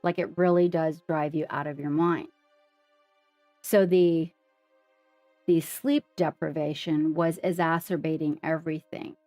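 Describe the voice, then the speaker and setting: A woman's voice: low voice, flat delivery, measured pace, long pauses, dark tone, no echo, soft background music. A woman on a livestream, earnestly sharing her story and speaking straight to the viewers in a casual way.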